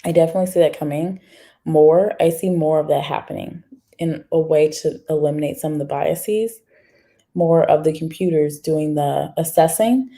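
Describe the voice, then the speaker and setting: Woman chatting on a livestream, lowish voice, warm and mellow, talks right to her viewers. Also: normal speed. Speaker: livestream host reading viewer comments. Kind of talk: casual livestream chat.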